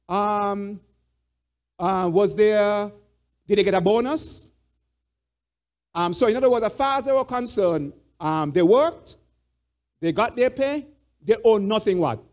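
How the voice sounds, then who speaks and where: High-voiced man leading a Bible study. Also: darkish tone. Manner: repeats points and poses fill-in "what?" questions to the group. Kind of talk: interactive Bible study teaching.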